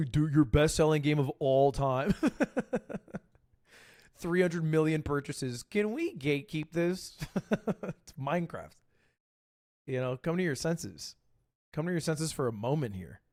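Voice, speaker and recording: Man, streamer, casual rambling chat, jokey asides, highish voice, very animated. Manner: rambling, joking, quick asides. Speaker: livestream host.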